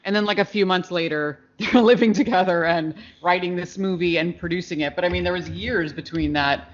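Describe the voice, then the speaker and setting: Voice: medium pitch, a little fast. A podcast co-host in casual chat about a film, rambling with many fillers and restarts. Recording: dull lo-fi podcast audio.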